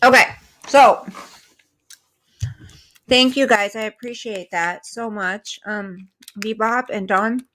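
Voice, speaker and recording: Her voice is mid-range and her pace slow, broken up by long pauses, as she hosts a laid-back livestream. She's chatty, warmly grateful to her viewers, and eats while she talks.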